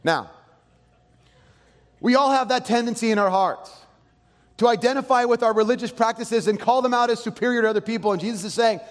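A man preaching a sermon as pastor, animated, acting out quoted voices. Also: high-pitched, fast talker, in a large hall.

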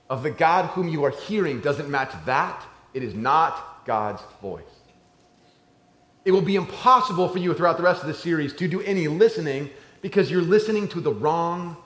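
A middle-aged man preaching a sermon, telling a story and swinging between loud excited shouts and soft hushed tones. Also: a little high. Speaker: pastor. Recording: echoey room with faint ambience.

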